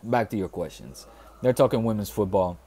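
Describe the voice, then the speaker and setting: A man's voice: lowish voice, moderate pace, dark tone, slight background noise. A man hosting a fan live stream, chatting casually and reading out viewer questions in a rambling, profane way. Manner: rambling, profane, banter with chat.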